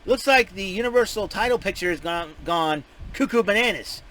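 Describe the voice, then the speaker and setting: A man giving a casual, rambling spoken recap, excitable and full of restarts and fillers. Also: sits high, moderate pace, poor audio. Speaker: show recapper.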